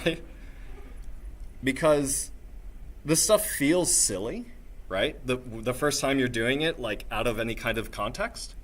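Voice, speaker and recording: Here the presenter, a man running a live session, works the audience in the manner of a voice teacher from a singing background: lively, coaxing, forever tossing in "right?" and "okay?". His pitch is medium, his delivery unhurried, and there's a slight hiss or hum underneath.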